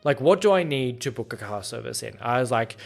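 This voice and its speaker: A man's voice: medium pitch, animated, fairly quick, creaky, faint music behind. A young man hosting a podcast, telling a rambling, self-deprecating story in casual chat and acting out both sides of conversations. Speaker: podcast host.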